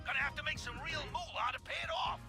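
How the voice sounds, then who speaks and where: A man's voice: extremely high pitch, wildly swooping pitch, quick pace, full character voice. An actor voicing a brash game character, a male mine foreman talking over the radio in a folksy drawl full of colorful slang. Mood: advising. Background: game music.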